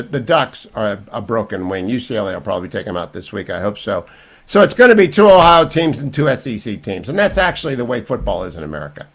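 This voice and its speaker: A man hosting a talk radio show, delivering an opinionated monologue with emphatic bursts and quieter asides. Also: vocal fry. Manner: emphatic, swinging from loud bursts to low asides.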